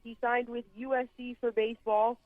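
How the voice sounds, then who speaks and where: A woman's voice: on the high side, moderate pace, no echo. Woman sports journalist on a tinny phone line. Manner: calm, explaining with fillers. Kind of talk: casual radio interview.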